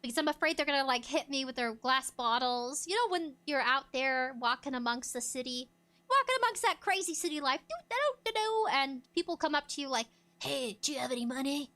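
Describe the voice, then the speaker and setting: A woman streamer chatting casually, laughing often and acting out bits of dialogue in loud bursts. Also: high voice, expressive, a little fast. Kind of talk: casual chat.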